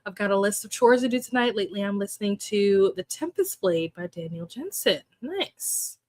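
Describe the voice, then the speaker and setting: A young woman hosting a relaxed livestream, chatting casually, greeting viewers by name and laughing often. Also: mid-range voice, normal speed, no room sound. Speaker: livestream host. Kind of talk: casual chat with live chat readers.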